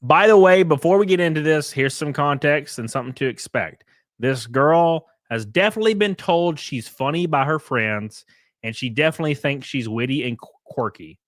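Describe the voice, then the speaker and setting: A man's voice: on the high side, animated, moderate pace, no room sound, studio quality. Brash, profane male streamer. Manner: brash, profane, teasing his chat. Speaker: live streamer. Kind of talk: casual reaction stream chat.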